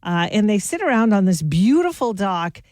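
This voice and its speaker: A woman's voice: medium pitch, big pitch swings, moderate pace, a little mellow, dry recording. Chatty woman radio host, dry studio sound. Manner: chatty, laughs at her own jokes. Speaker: radio morning show host. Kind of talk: upbeat radio show chat. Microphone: studio mic.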